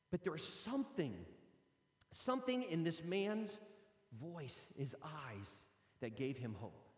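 Male pastor, expressive sermon, animated delivery, fairly high voice, echoey church hall with long reverb. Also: normal speed. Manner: animated storytelling, acting out voices.

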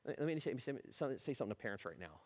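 A man preaching a sermon as pastor, swinging from emphatic rising questions to low, quiet asides. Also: big pitch swings, fast talker, long reverb tail.

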